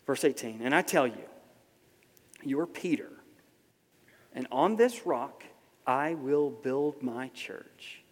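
A man delivers a sermon in a relaxed, conversational tone, dropping low and then lifting into emphatic bursts. His voice sits at an everyday middle pitch. A long reverb trails behind him, as in a large church hall. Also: slow, pauses often. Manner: conversational preaching, swings from soft to emphatic. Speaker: pastor.

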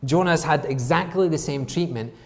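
A man's voice: fairly high pitch, fairly quick. A man preaching a sermon in an emphatic way, asking the congregation rhetorical questions. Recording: long reverb from a large hall.

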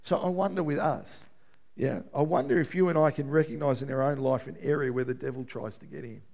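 Man, pastor, high voice, sermon in a church, loud bursts and hushed stretches. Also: a little fast, vocal fry. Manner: builds to loud exclaiming, then drops to quiet prayer tone. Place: church with live congregation.

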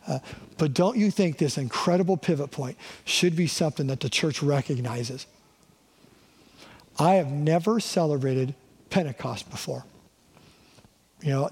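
A man's voice: a little high, dark tone, breathy edge, long reverb tail. A middle-aged male pastor giving a conversational sermon, often checking in with the congregation. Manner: conversational, asks the crowd "right?" often. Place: church sanctuary.

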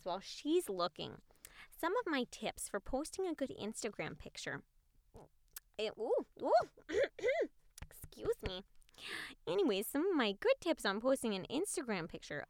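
A woman's voice: a little high, no echo. A woman playing Barb, a sweet, chatty old grandmother in a comedy sketch, meandering and hesitant.

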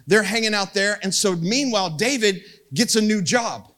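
A man with a high, bright voice preaching in a casual, storytelling way. He jokes with the crowd and jumps into quoted lines with a lift in pitch. The delivery is lively and conversational rather than formal. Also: moderate pace. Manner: animated, jokey, acts out quotes with rising pitch. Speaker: pastor.

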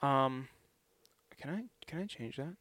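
A man's voice: medium pitch, a little slow, fairly bright tone. A young man vlogging in a casual, rambling way, chatty and self-deprecating.

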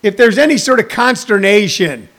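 With a high, fairly bright voice and lively intonation at normal speed, this comedian in his sixties hosts a relaxed live stream. He jokes, rambles through stories and news, and speaks directly to those watching.

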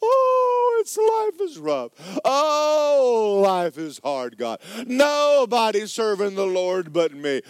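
A man voicing a whiny, self-pitying male prophet who wails and complains in a high, strained voice. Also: huge pitch swings, slow, hardly any pauses, clean tone, no room sound, heavily acted. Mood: whining.

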